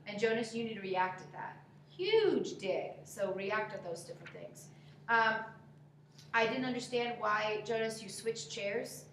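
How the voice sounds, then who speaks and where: A woman's voice: on the high side, expressive, measured pace, fairly bright tone. A woman giving direct acting notes to students, coaching and demonstrating how to deliver lines. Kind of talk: spoken critique of a scene. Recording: echoey room, faint background noise.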